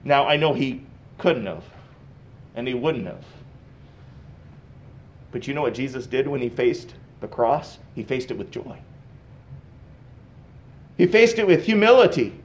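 A man's voice: mid-range voice, expressive, measured pace, pauses often. A middle-aged male pastor giving a conversational sermon with casual asides and light chuckles.

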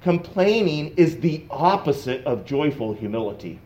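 A man's voice: on the high side, very animated, moderate pace, a little mellow, slight background noise. A middle-aged male pastor giving a conversational sermon with casual asides and light chuckles.

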